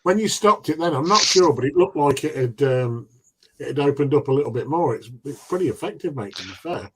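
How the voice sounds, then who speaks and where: A man's voice: mid-range voice, expressive, brisk, slightly rough. A man chatting on a live stream, teasing and laughing often. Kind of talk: casual banter.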